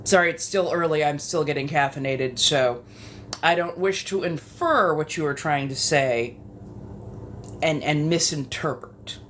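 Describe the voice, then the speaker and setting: A woman's voice: deep voice, measured pace, slight background noise. Chatty West Coast woman streaming live. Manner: chatty, swearing, rambling asides. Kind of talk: casual live-stream chat.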